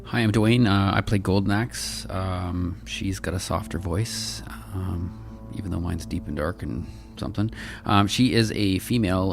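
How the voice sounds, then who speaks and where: A man with a very deep, gravelly voice chatting casually about his tabletop character, stopping and starting often. Music plays clearly behind him. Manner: halting, filler-heavy. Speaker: player. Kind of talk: casual chat.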